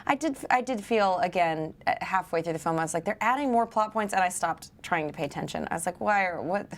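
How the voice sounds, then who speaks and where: A woman's voice: on the low side, lively intonation, quick pace. A woman co-hosting a casual movie review podcast, playful and jokey. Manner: playful, jokey, puts on voices for bits. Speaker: podcast co-host.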